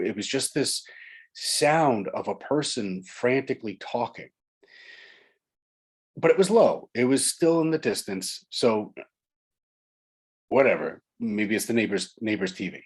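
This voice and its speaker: A man's voice: lowish voice, husky. A man from Long Island, an author and guest, telling a ghost story in casual chat, building suspense through repetition. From Long Island, New York.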